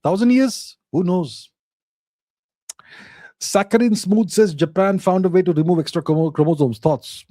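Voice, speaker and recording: A man's voice: sits high, normal speed, long pauses, warm tone, no room sound. Dry-voiced man answering live chat. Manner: reads viewer questions aloud, then answers in short emphatic, repeated phrases. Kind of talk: casual live Q&A monologue.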